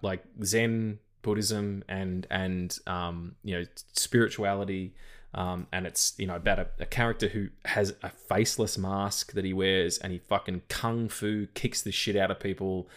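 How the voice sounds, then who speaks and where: A man's voice: on the low side, fairly even intonation, normal speed. A man co-hosting a film podcast, talking in a rambling, casual way, full of restarts and swearing. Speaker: podcast co-host. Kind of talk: casual chat.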